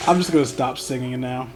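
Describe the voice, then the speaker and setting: A man streaming a game, reacting loudly with swearing and laughter. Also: sits high. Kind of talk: casual gameplay commentary.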